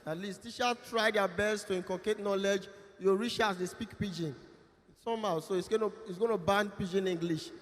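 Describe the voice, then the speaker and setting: A man's voice: sits high, fairly quick. Nigerian male emcee in a big echoing hall. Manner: lively, joking, loud announcing. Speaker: master of ceremonies. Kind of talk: event emceeing with comic pidgin banter. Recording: long hall reverb.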